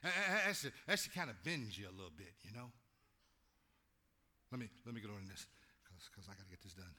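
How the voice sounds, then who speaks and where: A male pastor preaches a sermon in a low, husky voice, animated and brisk. He pulls the congregation into call-and-response and swings from quiet talk to loud shouts.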